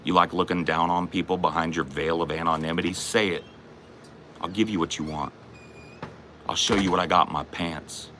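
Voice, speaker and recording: A low-voiced man with a sharp, forceful tone rants in profane, taunting bursts. He is confrontational and loud in his delivery, as a comedy host goading someone, with a faint hum of room ambience behind him. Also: steady tone, normal speed. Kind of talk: aggressive comic rant.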